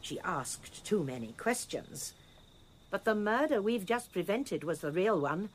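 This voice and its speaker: A woman playing a shrewd, determined elderly spinster detective in a radio drama, crisp and insistent. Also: mid-range voice, sing-song, measured pace. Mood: explaining. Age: older. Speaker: amateur sleuth.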